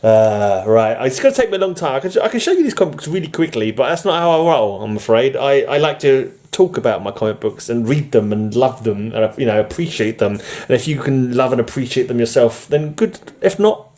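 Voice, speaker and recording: A man's voice: medium pitch, animated, fairly quick, few pauses, mellow. A man chatting casually at home while showing his comic books, rambling with fillers and chuckles. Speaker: comic collector vlogger. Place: room at home under fluorescent light.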